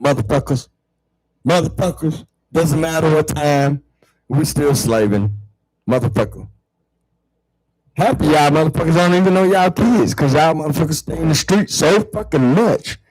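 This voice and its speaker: A man hosting his own show, ranting heatedly to viewers about religion and spirituality, swearing a lot and repeating words, swinging from low mutters to loud outbursts. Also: normal speed, breathy edge, dry recording, low-quality recording. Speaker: online show host. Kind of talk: profane spiritual rant to viewers.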